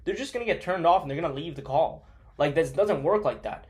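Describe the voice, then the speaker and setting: A young man gives a casual sales coaching talk in a slightly high voice. He is blunt and profane, and he leans on "like" and other fillers as he rambles through his points. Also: expressive, brisk, a little mellow.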